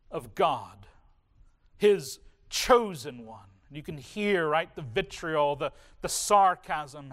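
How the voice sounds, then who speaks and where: A man preaching a sermon in a slow, deliberate way, with dramatic pauses between phrases. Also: sits high, a bit bright. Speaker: pastor.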